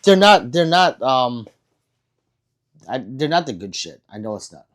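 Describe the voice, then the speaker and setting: A man hosts a casual livestream, reading out viewer comments and replying as he goes. He talks in a rambling, self-deprecating way, stumbling and restarting often, with a voice of ordinary middle pitch. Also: big pitch swings, unhurried. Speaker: livestream host.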